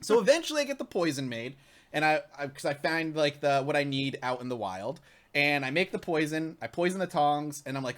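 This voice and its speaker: A man co-hosting a live gaming talk show, telling a long story in casual chat and acting out the shouting characters as he goes. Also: fairly high pitch, a little fast. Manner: excitable, acts out shouting characters mid-story.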